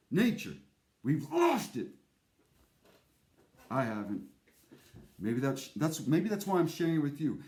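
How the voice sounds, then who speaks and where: Man, impassioned monologue, slow and emphatic, lively swooping pitch. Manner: intense, emphatic, repetitive. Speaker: speaker.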